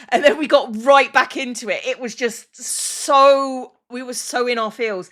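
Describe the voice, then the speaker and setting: A woman streams and chats in a casual, emotional way, full of restarts and "like" fillers. Her voice sits a little high and sounds bright and forceful. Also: normal speed, hardly any pauses. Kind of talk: casual chat on a livestream.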